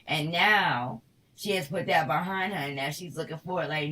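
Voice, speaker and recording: Woman with a New York accent, tarot reader, bright forceful tone, blunt profane slang. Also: deep voice, normal speed, distant mic, poor audio. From Harlem, New York. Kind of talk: casual tarot reading commentary.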